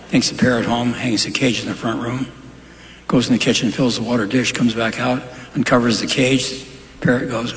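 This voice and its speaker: A man's voice: medium pitch, steady tone, moderate pace. A male stand-up comedian doing a set, firing punchy one-liners and chatting with the crowd. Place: large live venue. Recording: echoey live hall with crowd noise.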